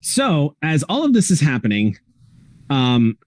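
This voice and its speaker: A man's voice: on the high side, huge pitch swings, measured pace. Man game master narrating vividly. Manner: vivid descriptive narration with frequent ums.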